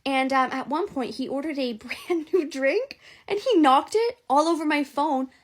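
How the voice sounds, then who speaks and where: A young woman tells a short dating horror story in a casual storytime, blunt and wry. Her voice sits high. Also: animated, normal speed.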